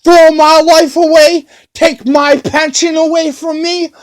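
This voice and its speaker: A man's voice: extremely high pitch, little pitch movement, slow. A man doing an angry threatening cop. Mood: furious. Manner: barking, bullying. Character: angry middle-aged male cop, threatening.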